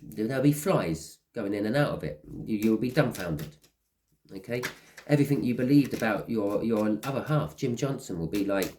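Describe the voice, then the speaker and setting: A man talking through a tarot spread in a loose, rambling way, slipping into small acted-out scenes along the way. His voice sits on the low side. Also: animated, moderate pace, darkish tone, slight background noise. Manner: rambling, acts out little scenes. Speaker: tarot reader. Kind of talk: casual tarot reading monologue.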